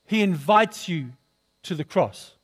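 Slow, high-voiced male preacher. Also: animated. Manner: calls for responses from the congregation, often asks questions; clears throat often. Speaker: pastor. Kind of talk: sermon.

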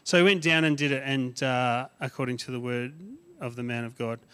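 Man preaching in a halting storytelling way. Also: medium pitch, steady tone, pushed and bright, clear, resonant tone, big-room sound. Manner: storytelling, halting with many restarts. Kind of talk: sermon.

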